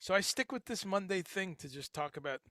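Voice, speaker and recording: A man's voice: high voice, expressive, brisk, pushed and bright, no echo, clean studio sound. A man hosting a casual livestream chat, talking in a rambling way with lots of fillers and restarts. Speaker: livestream host. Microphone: headphones and home streaming setup.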